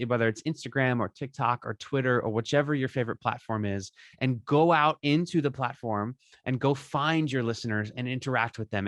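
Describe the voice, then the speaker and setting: A man's voice: medium pitch, a bit bright, no room sound, clean studio sound. A man as a podcaster guest, giving upbeat, chatty advice and tagging his points with "right?". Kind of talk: casual interview advice.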